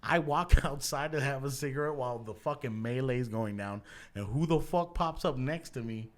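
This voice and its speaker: A man's voice: medium pitch, normal speed. Profane laughing man storyteller. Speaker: podcast host. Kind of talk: casual storytelling.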